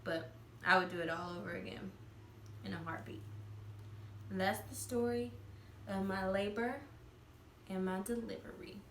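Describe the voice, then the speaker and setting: A woman's voice: medium pitch, moderate pace, long pauses, a bit bright, a little hiss or hum. A woman vlogger telling a personal story in a casual, chatty way, with lots of "like" fillers. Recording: roomy echo.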